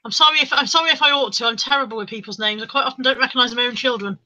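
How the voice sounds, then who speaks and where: A woman's voice: on the high side, very fast, sharp tone, dull audio. A woman co-hosting a live stream, chatting casually and joking at her own expense on a home video call. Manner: chatty, self-mocking and jokey. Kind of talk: casual chat.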